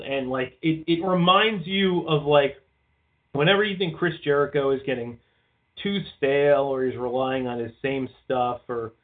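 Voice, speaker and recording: Rambling man on a tinny line. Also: medium pitch. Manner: rambling, swears often, leans on "like". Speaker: podcast co-host. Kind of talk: casual chat.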